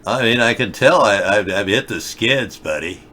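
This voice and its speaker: A man's voice: on the low side, expressive, normal speed, bright, forceful tone. A middle-aged man hosting a live video chat show, reading viewer comments and rambling through sarcastic jokes and asides.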